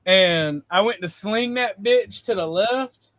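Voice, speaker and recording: A man's voice: high-pitched, slow, fairly bright tone, no room sound. A man hosting a talk show, telling a long anecdote in a casual, profane way and laughing as he goes. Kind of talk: casual storytelling chat. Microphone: streaming call mic.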